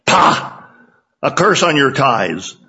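Man putting on a shouting, scornful desert fugitive, husky voice, dull lo-fi sound. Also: medium pitch, very animated, slow pace, heavily acted. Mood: angry shouting. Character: desperate hot-tempered man fugitive, parched.

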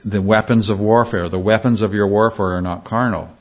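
A man preaching an expository sermon, emphatic, often restarting phrases and slowing down to read scripture. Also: fairly low pitch, fairly even intonation. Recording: dull lo-fi sermon recording.

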